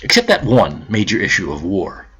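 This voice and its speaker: A man's voice: on the low side, normal speed, breathy edge. A man giving a profane political rant to camera, lecturing and scolding the viewer, then settling into grumbling explanation. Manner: calmer, grumbling explanation later on. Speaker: political vlogger.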